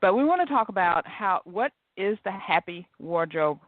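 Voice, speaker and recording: A woman's voice: on the low side, expressive, normal speed, dry recording. Chatty enthusiastic woman host, phone line. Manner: chatty, enthusiastic, laughs often. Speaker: podcast host. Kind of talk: podcast interview. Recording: dry phone-line audio.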